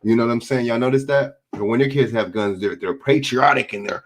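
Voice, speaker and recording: A man hosting a stream reacts to clips with blunt, profane, opinionated commentary, repeating himself as he answers chat. He talks fast in a mid-range voice with a darkish tone, and there is slight background noise.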